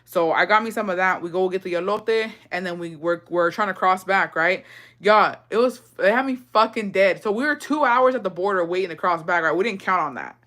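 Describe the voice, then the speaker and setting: A woman telling a casual storytime, profane and animated, mixing in Spanish phrases and laughing often. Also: mid-range voice, brisk. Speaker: vlogger.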